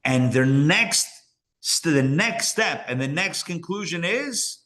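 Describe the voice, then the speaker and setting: A man, a rabbi, teaching a live class to an audience in a lively way, often checking in with listeners and repeating phrases for emphasis. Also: on the high side, slow pace.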